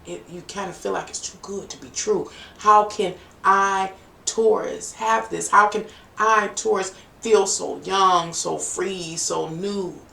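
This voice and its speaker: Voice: medium pitch, steady tone, slow pace, creaky, bright, forceful tone. A tarot reader giving a chatty, playful live-stream reading, with teasing asides to viewers. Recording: echoey room, distant from mic, faint noise.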